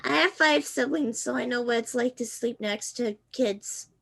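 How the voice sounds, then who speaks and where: A woman's voice: on the high side, moderate pace, gravelly, fairly bright tone. A woman playing a small, blunt young female squirrel adventurer in a tabletop role-play game. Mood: matter-of-fact.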